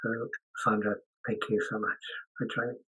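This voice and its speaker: Man hosting a ceremony, hesitant with ums, bright husky voice. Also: lowish voice, level tone, moderate pace, rough recording. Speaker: ceremony host. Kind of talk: introducing speakers.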